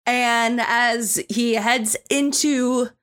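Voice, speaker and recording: A woman's voice: fairly high pitch, extremely slow. Chatty woman game master. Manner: relaxed, chatty narration with fillers. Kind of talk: narrating a tabletop game.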